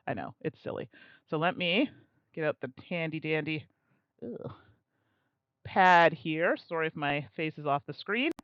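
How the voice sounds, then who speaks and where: Woman, young adult, board game streamer, casual commentary, chatty, self-mocking, animated pitch, slightly dull sound. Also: measured pace, long pauses, no room sound.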